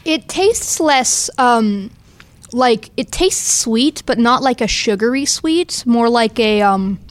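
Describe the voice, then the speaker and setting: A woman's voice: on the high side, expressive, slow, no room sound. A young woman as a radio guest, talking hesitantly with lots of ums and likes. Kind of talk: casual on-air chat.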